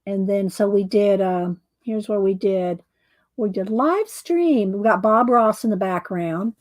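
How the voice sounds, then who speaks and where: A woman's voice: medium pitch, unhurried, darkish tone, dry recording. A woman chatting casually about her crafts, rambling, searching for words and chuckling as she goes. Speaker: crafter showing her doll scenes. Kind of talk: casual chat.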